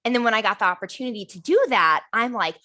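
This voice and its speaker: A woman's voice: on the high side, fast, sharp tone. A young woman co-hosting a podcast, telling a story in casual chat and acting out what people said. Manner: bubbly storyteller, acts out quotes. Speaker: podcast co-host.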